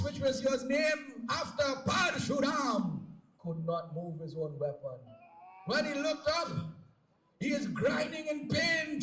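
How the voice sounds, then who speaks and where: A man's voice: very high voice, a bit bright. A man narrating a live outdoor folk theatre show in a dramatic way, calling out to the crowd. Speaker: stage narrator. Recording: echoey PA sound from far off.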